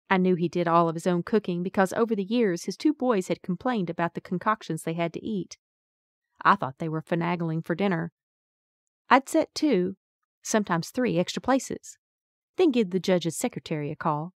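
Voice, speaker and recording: A woman's voice: on the low side, moderate pace, no room sound, studio quality. A woman narrating a first-person audiobook in a wry, folksy storytelling manner.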